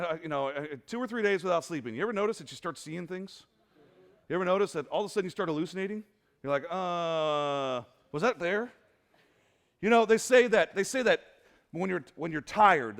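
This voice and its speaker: Guy pastor preaching in church, kinda high voice, gets loud and worked up, asks the crowd stuff. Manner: animated, rising to loud exclamations when excited; asks the congregation questions and waits for answers. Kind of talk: sermon. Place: church sanctuary before a congregation.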